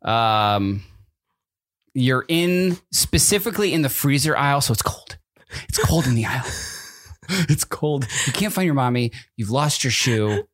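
A man co-hosting, speaking in a halting, dry, casual way. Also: medium pitch, expressive, a bit bright. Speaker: co-host. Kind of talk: casual chat.

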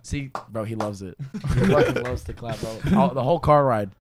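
A drunk young man co-hosting a podcast, teasing loudly with crude jokes and laughs. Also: mid-range voice, moderate pace, a crowd in the background. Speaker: podcast co-host. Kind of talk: rowdy casual banter.

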